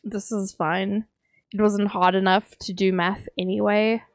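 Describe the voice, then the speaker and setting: A woman's voice: mid-range voice, flat delivery, a little slow, no room sound. A woman streamer from England chatting casually with her stream chat, teasing and joking as she reads messages aloud.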